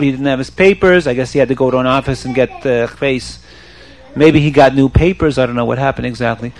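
A man telling a story to children in an animated way, often asking the audience questions. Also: fairly high pitch.

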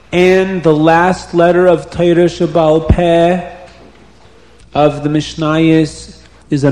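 Guy telling a kids' bible-style story, emphatic and lively, echoey room. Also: on the high side. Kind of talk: telling a religious children's story. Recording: roomy echo.

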